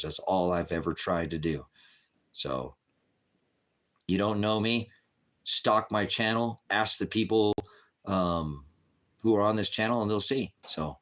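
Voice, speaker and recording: A man's voice: low voice, a bit bright. A man in his fifties hosting a live chat, bluntly firing back at trolls with repeated retorts. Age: 50s. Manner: combative, answering trolls in chat. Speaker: livestream host.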